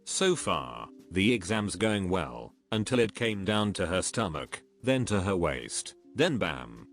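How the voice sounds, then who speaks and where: A man narrating a series of reader-submitted stories in a steady, even, scripted reading. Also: low voice, slow pace. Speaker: narrator reading online posts. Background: faint background music.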